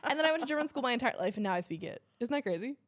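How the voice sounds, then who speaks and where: A woman's voice: a little high, animated, very fast. A woman influencer from Canada, a podcast guest chatting casually, bubbly and laughing often as she tells stories. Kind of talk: casual chat.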